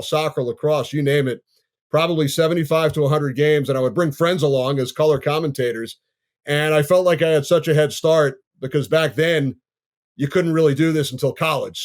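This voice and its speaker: A sports broadcaster in his fifties from Long Island, New York, appears as a podcast guest and tells his story in a measured, easygoing way. His voice is on the high side.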